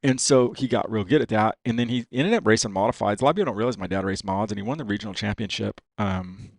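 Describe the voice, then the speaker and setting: A man with a low, gravelly voice tells a story at a rambling pace, peppering it with swearing and "dude." The sound is close and dry, with no room around it. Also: quick pace, darkish tone, no room sound. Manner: profane, rambling, heavy use of "dude" and "you know what I mean". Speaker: podcast guest. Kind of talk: casual storytelling.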